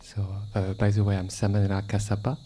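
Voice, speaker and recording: A man's voice: on the low side, completely flat delivery, a little fast, warm tone. A man from France with a French accent, a monk asking a question, speaking in a hesitant, polite way with many fillers. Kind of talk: discussion question.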